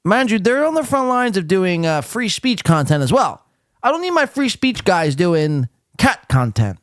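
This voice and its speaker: A man's voice: high voice, very animated, moderate pace, no echo, clean studio sound. A man hosting a live podcast, talking casually with blunt sarcasm and frequent swearing. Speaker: podcast host.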